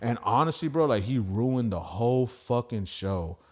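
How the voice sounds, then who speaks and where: A man's voice: medium pitch, expressive, moderate pace, over a noisy crowd. Profane rambling male comedian. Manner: profane, rambling, acts out quoted voices. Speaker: stand-up comedian guest. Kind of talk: casual podcast storytelling.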